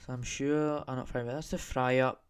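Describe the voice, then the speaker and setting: A man's voice: medium pitch, flat delivery, normal speed, smooth. A young Scottish man hosting a solo podcast, rambling off on tangents and repeating himself as he talks. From Scotland. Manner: rambling, tangent-prone, repetitive. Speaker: podcast host.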